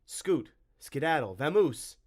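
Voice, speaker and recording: A man voicing a wisecracking boy hero in an audiobook, pitching his voice up and talking in a brash, joking manner. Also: expressive, moderate pace, a bit bright, close to an everyday voice. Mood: cheeky.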